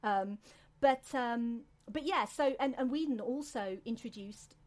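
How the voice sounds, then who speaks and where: In an unhurried, slightly high voice, a British woman hosts a podcast. Her casual chat wanders, packed with fillers and false starts.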